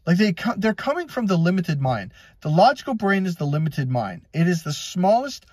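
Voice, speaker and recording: A man with a slightly high, husky voice gives a casual motivational talk as a coach. His pitch swings widely as he tells stories and acts out both sides of conversations, with frequent swearing. He is recorded close and dry, with no room sound. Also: very animated, normal speed, darkish tone, dry recording. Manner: blunt and profane, tells stories with acted-out dialogue. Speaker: life and relationship coach.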